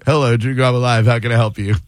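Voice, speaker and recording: A man hosting a call-in radio show, teasing and mocking his callers in quick banter from a studio microphone. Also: mid-range voice, fairly even intonation, clean tone, no room sound.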